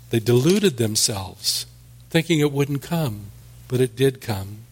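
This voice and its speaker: A man's voice: medium pitch, animated, a little slow. A man preaching a sermon, reading scripture aloud and then explaining it in plain words, with small restarts. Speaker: pastor.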